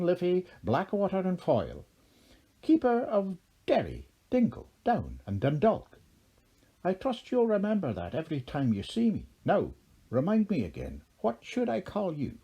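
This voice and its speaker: A man's voice: high voice, wildly swooping pitch, moderate pace, mellow, husky, dull audio, pitched above the performer's own voice, exaggerated voice. A man voicing a mischievous, teasing old leprechaun king in a lilting, playful storybook voice. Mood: grandly boastful. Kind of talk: storybook character voice.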